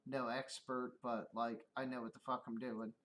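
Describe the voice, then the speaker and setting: A man's voice: medium pitch, level tone, moderate pace, fairly bright tone. A middle-aged man on a casual livestream, rambling and swearing, often laughing at his own stories. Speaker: streamer.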